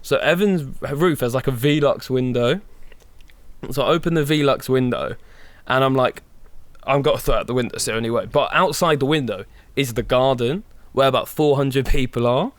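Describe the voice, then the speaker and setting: A young man co-hosting a podcast, telling a long story in an animated way, swearing a lot and acting out his own panic. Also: medium pitch, moderate pace, dry recording. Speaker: podcast co-host. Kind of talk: casual storytelling.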